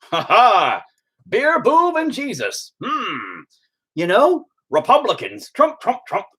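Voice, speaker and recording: A man putting on a goofy loud mock newcomer. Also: very high-pitched, wildly swooping pitch, slow, husky, pitched above the performer's own voice, full character voice.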